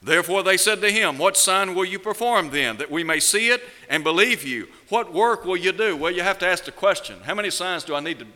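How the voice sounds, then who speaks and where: Man, preacher, sermon, very bright ringing voice, slightly high, long hall reverb. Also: expressive. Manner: measured preaching, slows down for emphasis, rhetorical questions.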